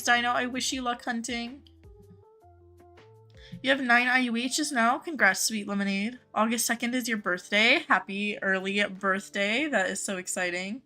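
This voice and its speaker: A woman's voice: a little high, pushed and bright. A young woman live-streaming a game, chatting casually with viewers, greeting them by name and gushing over cute things.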